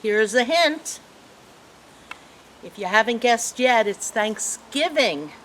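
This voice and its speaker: Animated woman reading a children's story. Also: on the high side, takes it slowly, slight background noise. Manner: animated, asks children questions. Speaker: children's librarian.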